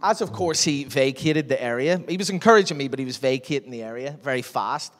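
A man, preaching a sermon as an animated storyteller who acts out the dialogue. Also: mid-range voice, brisk. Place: church hall. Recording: long hall reverb.

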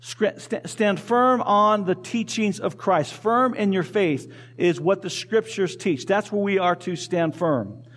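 A man's voice: high voice, measured pace, hardly any pauses, a bit bright. A male pastor preaching a sermon in a conversational way, asking the congregation questions and repeating key phrases. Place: church.

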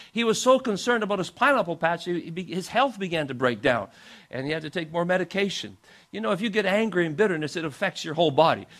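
A male pastor telling a story in a sermon, animated and acting out the people in it. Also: on the high side. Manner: animated storyteller, acts out quoted voices.

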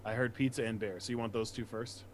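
A man's voice: medium pitch, fairly even intonation, fast talker, a little hiss or hum. Profane, opinionated young man ranting. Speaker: podcast co-host. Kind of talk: casual chat.

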